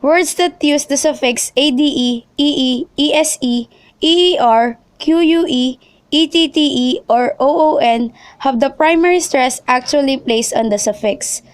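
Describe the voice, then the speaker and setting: A young woman reading a lesson script aloud, slowly spelling out letters and example words one by one. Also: sits high, no room sound. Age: young adult. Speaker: student presenter.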